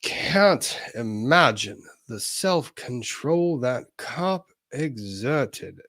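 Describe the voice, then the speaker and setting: Guy hosting a live stream, reads chat msgs out loud, jokey, swears a bit, dry close sound. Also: medium pitch, expressive, drawn-out words, no room sound. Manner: chatty and wry, with frequent laughs and casual cursing. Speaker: host of a live-streamed legal talk show. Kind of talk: casual livestream chat, reading viewer messages aloud.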